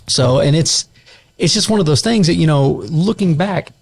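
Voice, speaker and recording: A man's voice: fairly high pitch, normal speed, vocal fry, slightly rough. A man co-hosting a podcast, telling a heartfelt personal testimony in a casual, earnest way. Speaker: podcast co-host.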